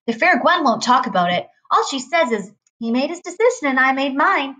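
A woman's voice: high voice, animated, fairly quick, pushed and bright, pitched above the performer's own voice. A woman voicing a cocky, theatrical small boy. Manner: cocky, mock-grand.

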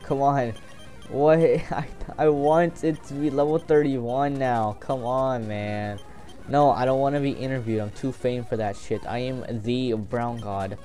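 A young man talks through his game in loose, excitable commentary, swearing freely and cracking jokes to himself. His voice sits at an ordinary middle pitch. Faint game music plays under him. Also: unhurried. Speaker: gameplay commentator. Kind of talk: casual gameplay commentary.

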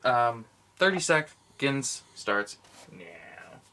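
A man's voice: medium pitch, sing-song, very slow, sharp tone. Goofy man joking around. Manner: goofy, drawls his punchlines. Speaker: co-host of a movie giveaway channel. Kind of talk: casual joking banter.

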